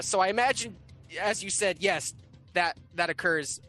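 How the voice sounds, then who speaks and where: A man's voice: high-pitched, moderate pace, pushed and bright, faint music behind. A man running a tabletop game as game master, easygoing, with a rambling manner and many fillers.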